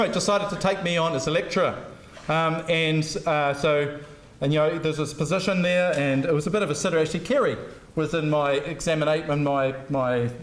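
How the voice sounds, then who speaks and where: A middle-aged man giving a humorous, anecdotal university lecture, self-deprecating and full of jokes. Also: high voice. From New Zealand. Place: lecture hall. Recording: roomy lecture hall sound.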